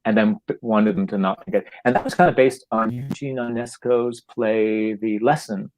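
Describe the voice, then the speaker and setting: A man, a playwright guest in a casual chat, telling stories animatedly, often halting and repeating words and acting out what people say. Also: fairly low pitch, low-quality recording. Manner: animated storytelling, acting out quoted lines.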